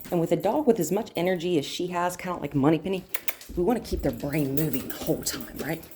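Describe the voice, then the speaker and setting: A woman dog trainer explaining her steps to viewers while working a dog indoors, breaking into high praise. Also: fast, dark tone, slight background noise. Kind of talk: instructional dog training demo.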